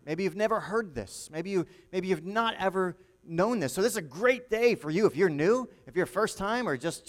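Male pastor, conversational sermon delivery, slightly higher voice, long hall reverb. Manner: conversational, repeats and restarts often.

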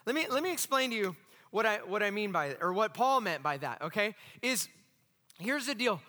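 A man preaching a sermon as pastor, animated and asking the congregation questions. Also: high voice, normal speed, in a large hall. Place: church hall.

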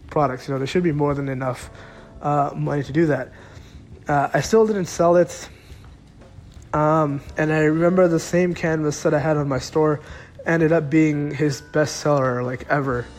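A young man telling a personal story in a casual, rambling way, full of filler words. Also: fairly high pitch.

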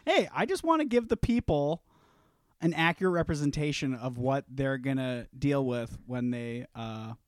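A man's voice: mid-range voice, expressive, normal speed, no echo, studio quality. A man co-hosting a comedy podcast, joking, mock-indignant and laughing often in casual chat. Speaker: podcast co-host.

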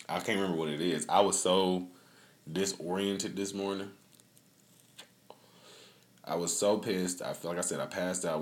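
A man hosting a podcast in casual chat, a loose, profane storyteller who laughs often. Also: low-pitched. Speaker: podcast host.

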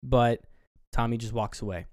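A man co-hosting a casual film review podcast, walking through scenes in a loose, rambling way and swearing freely. His voice sits at an ordinary middle pitch. The sound is close and dry, with no room around it. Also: steady tone, moderate pace, a little mellow, no room sound. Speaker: podcast co-host.

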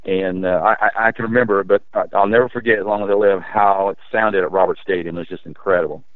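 Man, former high school player, rambling storyteller, low voice, dry phone-line audio. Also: steady tone, quick pace, no room sound. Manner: rambling, frequent restarts and fillers. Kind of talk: storytelling in a casual interview.

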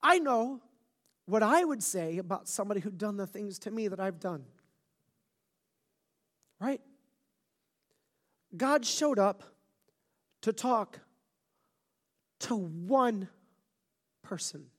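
A pastor preaching at a church service in a casual, slangy way, moving between hushed, near-whispered lines and loud, fervent emphasis, and audibly emotional. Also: medium pitch, animated, slow pace, pauses often. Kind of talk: sermon. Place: church service before a live congregation.

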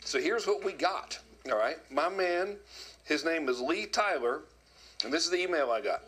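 Animated, husky man chatting. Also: a little high, normal speed. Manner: animated storyteller, quotes people in put-on voices. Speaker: video commentator. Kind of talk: casual monologue.

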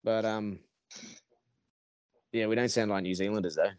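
Male Aussie guest, low and nasal, loose rambling talker, recorded dry. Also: steady tone, normal speed, darkish tone, clear, resonant tone, dry recording. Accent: Australian. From Australia. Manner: rambling, profane, with many restarts. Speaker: podcast guest. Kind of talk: casual podcast chat.

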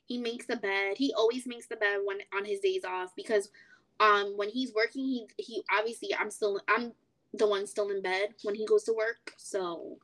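A young woman co-hosting a podcast, chatting casually and acting out quotes in animated stories. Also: medium pitch, normal speed. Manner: animated storytelling, acts out quotes. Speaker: podcast co-host. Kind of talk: casual chat.

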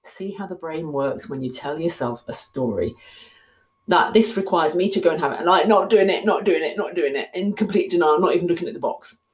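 A woman tells a long personal story in a chatty, self-mocking way, laughing often and leaping high in mock panic. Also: brisk. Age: 60s. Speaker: vlogger. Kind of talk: casual storytelling monologue.

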